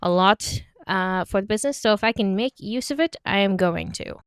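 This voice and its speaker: An American woman, likely a young adult, vlogging a crafting tutorial in a chatty, self-deprecating way, sliding into a half-British lilt while explaining and going soft and quiet during careful steps. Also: medium pitch, moderate pace, smooth, dry recording. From United States.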